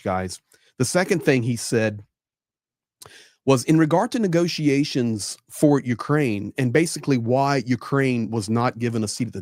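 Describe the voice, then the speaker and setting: A man's voice: mid-range voice, a little mellow, dry recording, studio quality. A man hosting a casual political commentary livestream, emphatic and given to repeating phrases. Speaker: livestream host.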